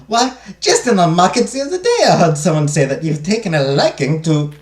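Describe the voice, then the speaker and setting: A streamer voicing an eager, chatty household servant with a mock French accent that comes out sounding German, in a high, sing-song voice. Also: brisk, natural voice. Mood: gushing. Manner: gushing, speeds up with excitement. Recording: roomy echo.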